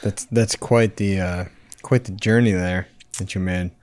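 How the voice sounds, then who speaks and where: A man's voice: low-pitched, steady tone, a little slow, a little mellow. A young man co-hosting a podcast, reacting with teasing remarks and laughter in casual chat. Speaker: podcast co-host.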